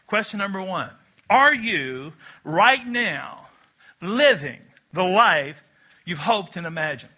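A man's voice: sits high, big pitch swings, slow, bright, forceful tone. A man preaching a sermon in a church, talking conversationally and drawing the congregation into call-and-response. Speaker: pastor. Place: church auditorium.

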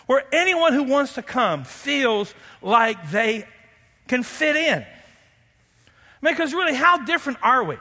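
A man preaching from the pulpit in a very high, bright voice. He is animated and playful, drawing the congregation in with questions. The sound carries a long reverb, as in a large church hall. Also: takes it slowly. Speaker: pastor. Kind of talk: sermon.

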